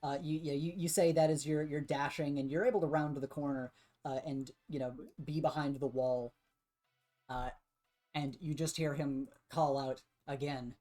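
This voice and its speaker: A man's voice: on the high side, moderate pace, warm tone, faint music behind. Casual male game master narrating. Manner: loose, filler-heavy narration with frequent restarts.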